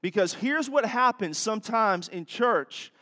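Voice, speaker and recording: Male pastor, folksy and chatty, high voice, long church reverb. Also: expressive, a little slow, bright, forceful tone. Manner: folksy, chatty, audience asides. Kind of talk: sermon with jokes. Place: church sanctuary.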